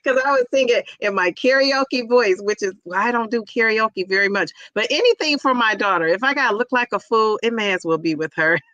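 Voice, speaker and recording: Bright-voiced woman chatting live. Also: on the high side, brisk, hardly any pauses, no room sound, muffled recording. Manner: chatty, laughs often, greets viewers warmly by name. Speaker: livestream host reading chat. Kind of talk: casual live chat.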